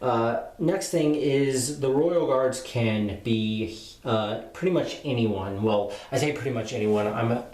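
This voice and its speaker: A man's voice: mid-range voice, slow, a little mellow. Rambling man in a roomy echo. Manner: rambling, filler-heavy plot retelling. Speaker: book reviewer. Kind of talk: casual spoken book review.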